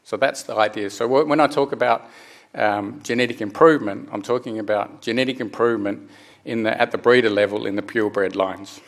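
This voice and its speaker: A middle-aged man giving a technical conference presentation, speaking haltingly with frequent restarts and fillers. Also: fairly low pitch, fairly even intonation.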